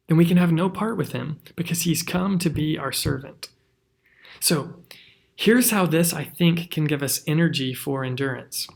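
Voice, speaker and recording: A man's voice: fairly high pitch, gravelly. A man, a pastor, giving an earnest, conversational devotional teaching with rhetorical questions.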